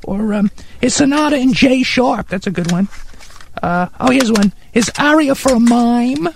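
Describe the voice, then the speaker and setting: A performer voicing Harry, an eccentric, excitable male music snob who talks in a pompous, condescending way in a comedy radio sketch. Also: medium pitch, normal speed, creaky, a little hiss or hum. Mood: patronizing. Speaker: regular sidekick character.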